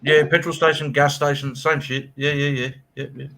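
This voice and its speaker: A man in casual chat, earnest and quick to agree, who swears offhandedly while telling his own story. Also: fairly high pitch, little pitch movement, sharp tone.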